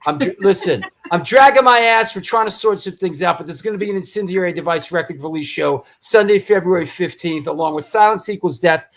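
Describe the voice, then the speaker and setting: Brief: high-voiced male livestream host, loose hyped announcer, stumbles and restarts. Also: fairly quick, hardly any pauses. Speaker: show host. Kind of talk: livestream talk show chat.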